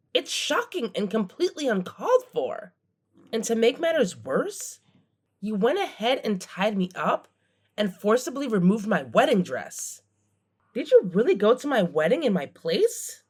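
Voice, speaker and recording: Casting: woman as a rattled young bride, breathy voice with lively pitch. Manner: distressed, bewildered. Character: shaken young bride, ambushed and tied up.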